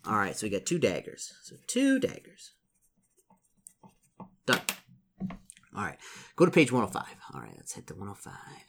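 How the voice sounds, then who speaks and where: Man reading a gamebook aloud, lively. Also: fairly low pitch, quick pace, creaky, slight background noise. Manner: reads aloud with stumbles and self-corrections, chatty asides. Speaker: reader playing a solo gamebook aloud. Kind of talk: casual gamebook read-through.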